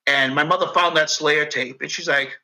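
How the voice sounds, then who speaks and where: A man's voice: fairly high pitch, fairly even intonation, moderate pace, gravelly, bright, forceful tone, poor audio. A middle-aged man with a thick Northeastern US accent, a podcast guest rambling and swearing, full of "like" and "you know". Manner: rambling, profane, heavy on fillers. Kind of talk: casual chat.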